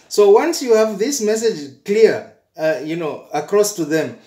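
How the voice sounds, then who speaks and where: A man telling an animated travel story in a casual vlog, often stammering and repeating words. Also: high-pitched, measured pace, roomy sound. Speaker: travel vlogger.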